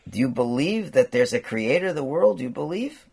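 A man quoting a gentle, sweet elderly Hasidic rebbe, asking earnest questions and mixing Yiddish with English. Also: mid-range voice, big pitch swings, a little fast, vocal fry, slightly rough, full character voice.

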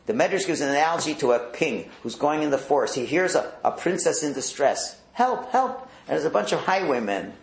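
Animated gravelly man teaching a Torah class. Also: a little high, brisk, few pauses. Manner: animated storyteller, acts out voices. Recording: roomy echo.

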